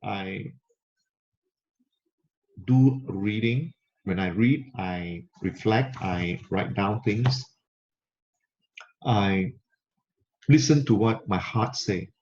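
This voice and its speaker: A man's voice: lowish voice, drawn-out words, pauses often, a little mellow. A man giving a motivational talk to camera, coaching listeners and repeating key phrases for emphasis. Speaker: motivational speaker. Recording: slightly muffled lo-fi recording.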